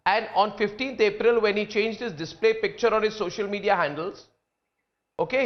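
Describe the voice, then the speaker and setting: A man's voice: sits high, muffled recording. A man with an Indian English accent anchoring a heated TV debate, cutting in again and again to take back the floor.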